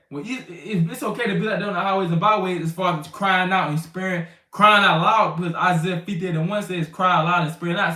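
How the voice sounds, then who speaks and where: A man teaches scripture to the brothers in an informal Bible lesson, keeping it loose, slangy and conversational while acting out little scenes along the way. His voice is high with a sharp tone, and a distant mic gives the recording a roomy sound.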